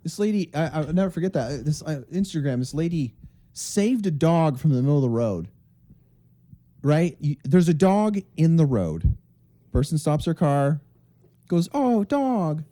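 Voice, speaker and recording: A man co-hosting a comedy podcast, telling crude, animated stories and acting out voices in casual chat. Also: a little high, normal speed. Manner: crude, animated storyteller who acts out voices. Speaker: podcast co-host.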